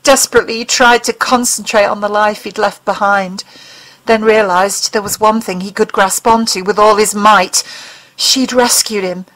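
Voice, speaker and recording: A woman narrates an audiobook. Her reading is expressive and dramatic, at a mid pitch, and she paces the tense scene with care. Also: moderate pace, poor audio.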